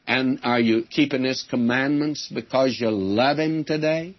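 Older male radio preacher, folksy and earnest, husky voice, dull old recording. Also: medium pitch, a little slow. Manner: folksy, earnest preaching, addresses listeners as friends. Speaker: radio Bible teacher. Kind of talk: sermon.

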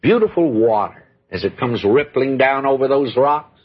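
Older guy preaching, husky voice, homey earnest way of talking, dull old recording. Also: mid-range voice, expressive, normal speed. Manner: folksy, earnest, addresses listeners as friend. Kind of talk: sermon.

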